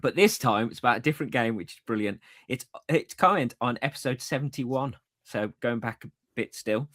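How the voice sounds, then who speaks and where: A man's voice: mid-range voice, fairly quick, a bit bright. A man co-hosting a podcast, chatting casually and reading out listener comments with easy laughs. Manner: chatty, laughs easily, many fillers. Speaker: podcast co-host.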